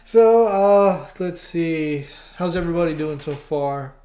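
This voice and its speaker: An animator hosting a casual livestream, talking in a halting way with frequent stammers and restarts. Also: medium pitch, mellow. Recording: roomy echo.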